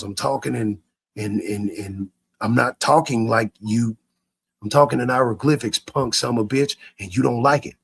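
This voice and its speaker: Male streamer, husky and rough-edged; rants at chat, cursing, repeating himself. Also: mid-range voice. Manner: repetitive, stammering restarts, profane. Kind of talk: ranting live stream to chat.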